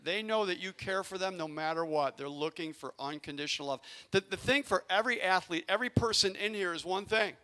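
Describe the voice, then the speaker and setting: A man who coaches youth sports, telling a coaching story to a community audience and acting out his own yelling from the sidelines. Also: high voice, a little fast, hardly any pauses. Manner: animated, acts out yelling in his stories. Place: arena event space.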